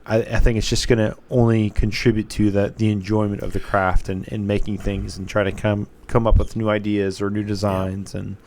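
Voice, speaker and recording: A man's voice: lowish voice, little pitch movement, normal speed, hardly any pauses, a little mellow, slight background noise. A man co-hosting a podcast in easygoing casual chat. He jokes a lot and rambles, restarting his sentences often. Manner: joking, rambling with repeated restarts. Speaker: podcast co-host.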